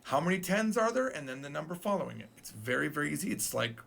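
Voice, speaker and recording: Male language teacher, casual and playful, lively swings in pitch. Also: fast, vocal fry. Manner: playful, joking, chatty. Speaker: Japanese teacher. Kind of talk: casual video lesson.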